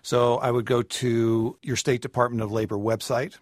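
A man on a radio call-in show, giving personal finance advice in a measured, explanatory way. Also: mid-range voice, little pitch movement, no room sound, clean studio sound. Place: radio studio.

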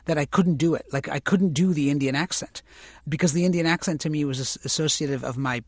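A man's voice: fairly high pitch, fast talker, breathy edge, no room sound, clean studio sound. A man, an actor and author, talking through his career in an interview, thoughtful and full of restarts. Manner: reflective, many restarts and "you know". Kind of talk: conversational interview.

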